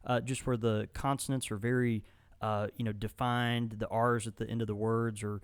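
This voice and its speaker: A man's voice: mid-range voice, flat delivery, moderate pace, smooth, no echo. Rambling male podcast co-host. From Mississippi. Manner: rambling, many fillers and restarts. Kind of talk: casual podcast chat.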